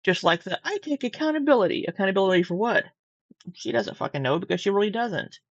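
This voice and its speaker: A woman's voice: mid-range voice, fast, gravelly, no echo, muffled recording. A sleepy woman hosting a casual reaction, talking bluntly, swearing and repeating herself. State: sleepy, yawning. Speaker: channel host reacting to a clip.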